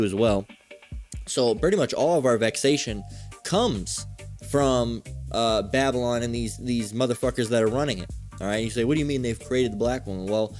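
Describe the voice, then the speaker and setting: A man's voice: mid-range voice, a little mellow. A man giving a fiery religious lesson, swearing often and checking in with "all right?" after nearly every point. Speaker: religious teacher. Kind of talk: street preaching lesson.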